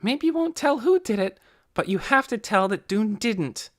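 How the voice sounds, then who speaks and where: A man doing a young girl, indignant, pressing, high voice, very lively pitch, dry audiobook sound. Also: moderate pace. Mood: insistent. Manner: pressing, accusing.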